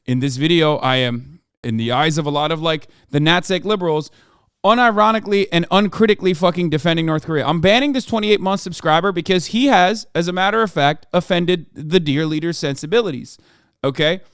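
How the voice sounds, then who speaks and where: A man hosting a livestream, ranting at his chat in a profane, sarcastic, heated way, sometimes shouting. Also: brisk, smooth, no echo, studio quality. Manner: shouts and raises pitch when ranting. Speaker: livestream host reacting to chat. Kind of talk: casual livestream rant.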